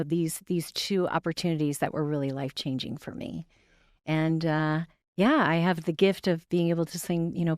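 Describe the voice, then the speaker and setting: Bubbly woman with a smooth voice. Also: low voice, darkish tone, no room sound, clean studio sound. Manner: bubbly, laughs often, quick storytelling. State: tired from little sleep. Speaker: guest voice actress and singer. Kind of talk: casual podcast chat.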